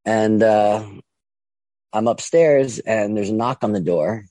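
A young man telling his own story casually, halting with many ums and restarts and acting out what others said. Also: lowish voice, mellow, no room sound. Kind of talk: casual first-person storytelling.

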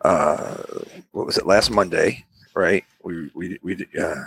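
A man's voice: sits low, slow, creaky, fairly bright tone, slight background noise. A man in a casual chat, telling a rambling, laid-back story and acting out what people said.

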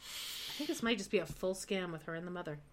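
A woman's voice: lowish voice, quick pace. A woman co-hosting a casual chat podcast, making blunt, sarcastic remarks about a reality show. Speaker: podcast co-host.

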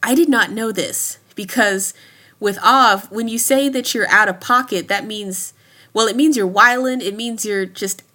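Woman, 30s, bright voice, easygoing podcast guest, laughs a lot. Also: medium pitch, measured pace. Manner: chatty, laughs often between thoughts. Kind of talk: casual chat.

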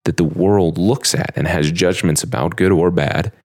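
A man's voice: low voice, moderate pace, a little mellow, dry recording, studio quality. A man hosting a podcast, giving a reflective scripture lesson in an earnest, musing way and reading verses aloud with feeling.

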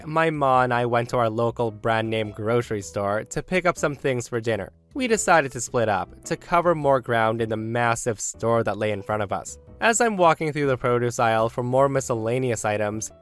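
A man's voice: mid-range voice, lively intonation, normal speed, hardly any pauses, a bit bright, soft background music. A man hosting a podcast, narrating online stories with chatty asides to listeners. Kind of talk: storytelling narration with commentary.

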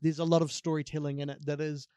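A man's voice: a little high, flat delivery, fast talker, mellow, clean tone, dry recording. A Scottish man co-hosting a podcast, chatting casually about a film with jokey asides and frequent laughter. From Scotland. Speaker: podcast co-host.

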